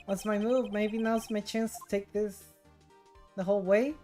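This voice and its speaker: A woman's voice: mid-range voice, fairly even intonation, moderate pace, warm tone, faint music behind. A young woman streaming a game, chatting and joking about what happens. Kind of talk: casual game commentary.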